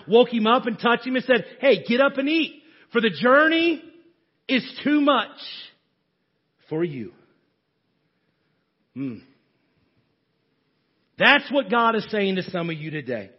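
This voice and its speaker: Husky high-voiced man preaching. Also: muffled recording. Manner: preaching with sudden swings from hushed to shouting. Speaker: pastor. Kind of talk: sermon.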